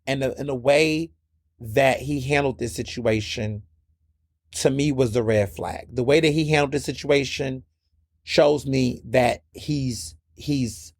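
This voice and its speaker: A man's voice: medium pitch, fairly even intonation, unhurried, no echo, studio quality. A man hosting his own podcast, giving blunt, impassioned solo commentary and repeating words when worked up. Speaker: podcast host.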